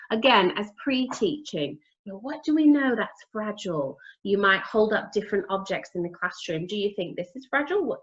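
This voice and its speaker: A woman training teachers, modelling words and questions for young children in a clear, expressive teacher voice. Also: mid-range voice, highs cut off. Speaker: literacy trainer.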